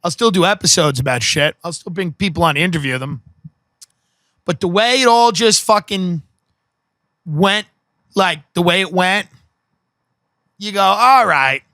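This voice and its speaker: A man's voice: high voice, moderate pace, long pauses, sharp tone, no echo, clean studio sound. A man hosting a podcast, delivering a profane, sarcastic comedic rant that mocks the people he describes. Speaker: podcast host.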